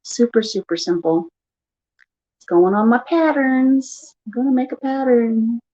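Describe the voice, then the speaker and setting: Older woman vlogger at home, chatty and animated storyteller, slightly dull lo-fi recording. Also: a little high, measured pace. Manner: animated storyteller who acts out quotes. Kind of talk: casual chat. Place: home living room.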